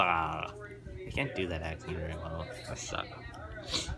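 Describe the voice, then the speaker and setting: A young man ranting about football to camera in an excitable, rambling, opinionated way. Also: low voice, takes it slowly, pauses often. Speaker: vlogger. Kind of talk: casual sports rant to camera.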